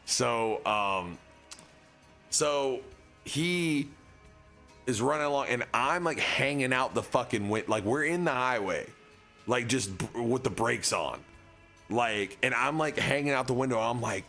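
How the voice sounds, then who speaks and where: A man's voice: medium pitch, animated, measured pace, sharp tone, soft background music. A young man streaming, telling a long casual story in a rambling way, full of filler words.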